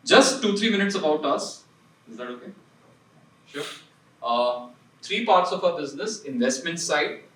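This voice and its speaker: A man's voice: fairly high pitch, expressive, normal speed, pauses often, fairly bright tone, echoey room, far from the mic, low-quality recording. A man who leads an investment firm gives a seminar talk in a punchy, conversational way, often throwing rhetorical questions at the audience. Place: seminar room.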